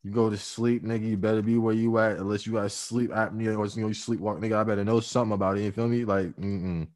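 A man co-hosting a casual chat, telling animated, profane, jokey stories. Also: lowish voice, fast talker.

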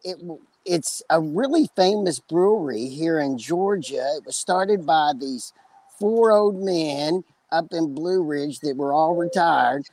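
A man's voice: on the high side, measured pace, a little mellow, no echo, low-quality recording. Rambling West Texas man telling stories. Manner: rambling storyteller, joking. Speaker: podcast co-host. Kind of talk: casual chat.

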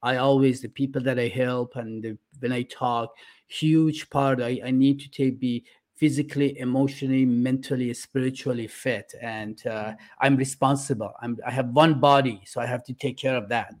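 A middle-aged man from Iran, a podcast guest talking earnestly and haltingly, with many "uh" fillers. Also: medium pitch, steady tone, a little mellow. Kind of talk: casual interview talk.

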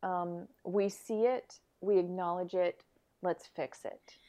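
Warm and steady, this young woman's fairly low voice takes its time as she co-hosts a casual podcast conversation. She is chatty and agreeable, with lots of "like" and "you know" woven through her speech.

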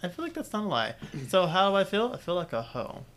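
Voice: medium pitch, animated, brisk, fairly bright tone, slight background noise. A young adult podcast co-host chatting casually and playfully, laughing often. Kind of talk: casual chat.

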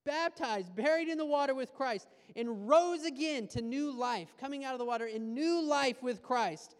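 A man preaching a sermon as a pastor, animated and conversational, with playful asides. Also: very high voice, moderate pace, hardly any pauses, clean tone, long reverb tail.

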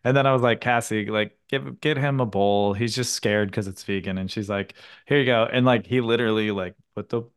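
A man with a lowish voice hosts a relaxed podcast conversation. He tells lively anecdotes, acting out what others said, with casual swearing. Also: fairly quick, hardly any pauses, smooth. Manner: animated storytelling with acted-out quotes and casual swearing. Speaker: podcast host. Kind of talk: casual chat.

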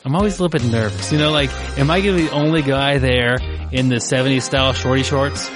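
A man co-hosting a podcast in a relaxed, chatty way, teasing his partner. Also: medium pitch, fast talker, over music. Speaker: podcast co-host. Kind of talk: casual podcast chat.

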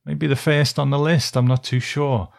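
A man co-hosting a film podcast, easygoing and quick to laugh as he recaps a film's plot. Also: medium pitch, steady tone, gravelly. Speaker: podcast co-host. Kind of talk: casual chat and reading a plot summary.

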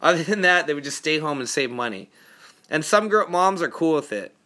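A man's voice: fairly high pitch, expressive, brisk, pushed and bright. A man hosting a podcast, telling funny personal stories in a laid-back, profane, laughing way. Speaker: podcast host. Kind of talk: casual storytelling.

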